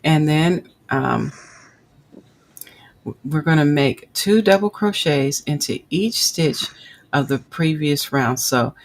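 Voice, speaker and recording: Gravelly slow-talking woman teaching crochet. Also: low voice, poor audio. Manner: chatty, reads and answers live chat. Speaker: crochet livestream host. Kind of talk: casual crochet tutorial, counting stitches.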